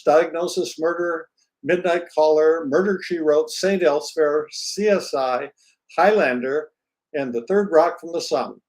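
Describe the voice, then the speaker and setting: A man's voice: a little high, darkish tone, poor audio. A man hosting an interview, reading a guest's introduction and then chatting in a friendly, joking way. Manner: friendly, jokey, self-deprecating. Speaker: interviewer host.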